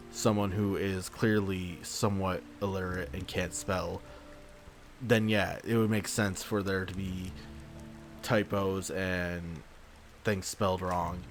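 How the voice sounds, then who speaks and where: Male let's-play host, lowish voice, rambling, cursing rant, light music underneath. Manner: exasperated, swears often, rambling. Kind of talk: gameplay commentary, ranting.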